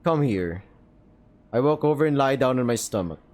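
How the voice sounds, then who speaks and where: A man reading a visual novel aloud and reacting as he plays, excitable, cursing freely and breaking into quick laughing asides. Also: mid-range voice. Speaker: gaming video creator.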